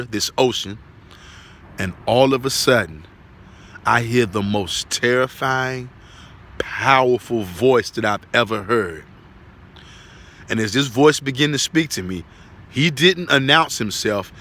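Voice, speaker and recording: Man with a bright, forceful voice. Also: medium pitch. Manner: earnest and repetitive, with frequent tag questions. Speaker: religious testimony speaker. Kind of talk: spoken testimony of a dream.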